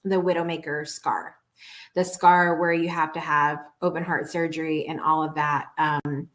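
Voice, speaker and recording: A woman's voice: low-pitched, little pitch movement, moderate pace, a bit bright. A woman hosting a live show, telling stories in a casual, earnest, chatty way, often restarting her sentences. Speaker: show host.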